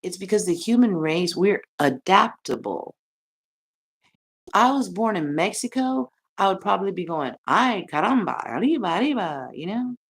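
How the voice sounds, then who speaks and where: A middle-aged American woman ranting on her livestream, brash and profane, laughing often and swinging between loud and soft. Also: mid-range voice, expressive, moderate pace. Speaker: livestream host. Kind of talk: rambling livestream rant.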